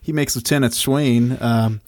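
Male co-host, mid-pitched, wry and amused, dry close recording. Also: fairly even intonation, unhurried, darkish tone, no room sound. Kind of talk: casual movie recap chat.

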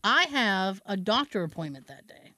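A woman's voice: medium pitch, big pitch swings, normal speed, bright, forceful tone, no echo. A woman chatting casually as a podcast host, telling a story with lots of swearing and acting out both sides of phone calls. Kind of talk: casual chat.

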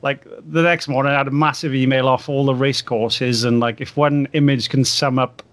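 A man's voice: medium pitch, steady tone, normal speed, no room sound. Man, laid-back storyteller, casual chat, dry close sound. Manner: laid-back storyteller, laughs often, acts out quotes. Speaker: guest photographer.

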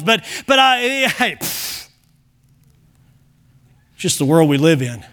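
A pastor with a high voice preaches a sermon in a church sanctuary, hammering points home with rhetorical questions. He speaks slowly with big swings in pitch, frequent pauses, and a fairly bright tone.

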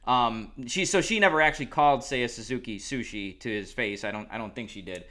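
A man's voice: medium pitch, a little fast, bright, forceful tone. A man co-hosting a podcast, telling a long story in casual chat, rambling with lots of asides. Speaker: podcast co-host.

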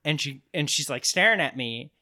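A married man chatting casually with friends, telling a story and acting out the voices of people in it. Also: moderate pace. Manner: animated storyteller, mimics voices with big pitch jumps. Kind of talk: casual chat.

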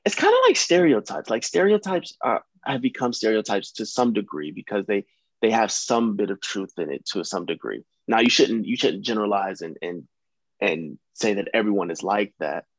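A man's voice: lowish voice, expressive, moderate pace, no echo. A young adult man from the United States, an actor talking casually as a guest, rambling and hesitant, with many restarts. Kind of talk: casual conversation.

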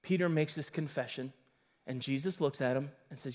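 A man's voice: medium pitch, normal speed. A man preaching a sermon as pastor, emphatic, with casual asides to his congregation.

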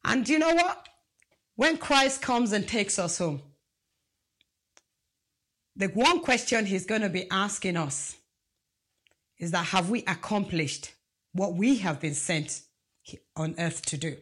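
A woman's voice: medium pitch, lively intonation, slow, pauses often, fairly bright tone, husky. A woman preaching a sermon, emphatic and asking the congregation rhetorical questions.

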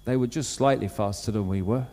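A man preaching a sermon, telling a story with lively acted-out quotes. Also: fairly low pitch, a little fast. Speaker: pastor. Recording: long hall reverb.

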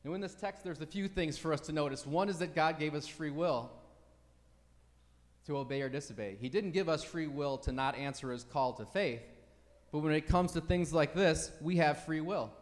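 Male pastor, somewhat high voice, emphatic teaching sermon, long hall reverb. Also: normal speed. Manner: emphatic teaching, rhetorical "right?" asides.

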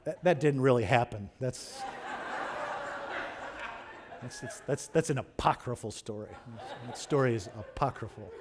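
A man preaching a sermon as pastor, telling stories with humor and lively swings in loudness. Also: mid-range voice, unhurried, pauses often, breathy edge. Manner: animated, humorous storytelling with wide swings in loudness.

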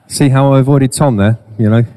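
A man's voice: mid-range voice, fairly even intonation, fairly quick, warm tone. A middle-aged man preaching a sermon in church, with humorous self-deprecating asides. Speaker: pastor.

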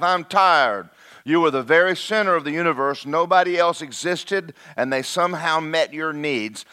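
Male preacher, brightish higher voice, conversational sermon delivery. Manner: lively, conversational, talks directly to the congregation.

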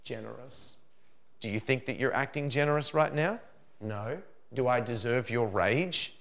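A middle-aged man giving a lively parenting seminar talk, acting out dialogue as he goes. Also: mid-range voice, normal speed. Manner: animated, acts out dialogue in put-on voices.

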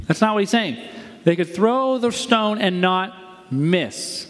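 A man with a high voice preaches to his congregation in an easy, conversational way, often pausing on rhetorical questions. His voice rings out with a long reverb from a large church hall. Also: animated, a bit bright. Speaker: pastor. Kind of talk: sermon.

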